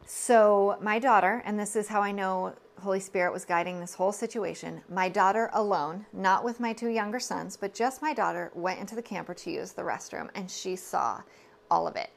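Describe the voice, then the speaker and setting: A woman's voice: mid-range voice, moderate pace, vocal fry. A woman, telling a personal story on her podcast in an earnest, confiding way, full of asides and self-corrections. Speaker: podcast host.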